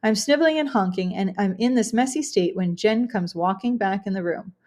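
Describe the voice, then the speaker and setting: A woman reading a first-person novel aloud as an audiobook, expressive, with occasional restarts. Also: medium pitch, brisk. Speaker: audiobook reader.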